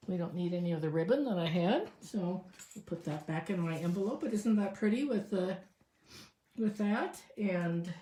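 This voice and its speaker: A woman's voice: on the low side, warm tone, reverberant. A woman showing a craft step by step in a casual tutorial, chatting and thinking aloud as she works. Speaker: crafting demonstrator.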